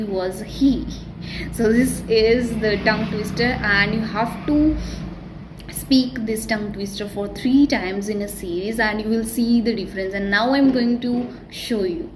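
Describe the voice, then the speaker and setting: A woman, not a native English speaker, giving a casual self-recorded pronunciation tutorial and talking quickly with many restarts. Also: mid-range voice, a little hiss or hum, low-quality recording. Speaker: vlogger teaching English pronunciation.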